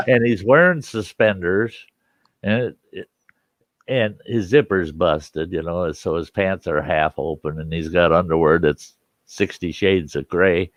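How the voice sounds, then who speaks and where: A man's voice: deep voice, slow, no room sound. A man hosting a campfire show, telling a funny story and laughing often. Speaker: host.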